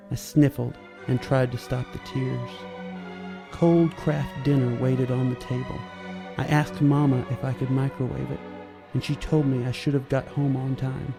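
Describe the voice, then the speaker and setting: A man narrating a story in a measured, steady reading voice, with soft music behind. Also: mid-range voice, vocal fry.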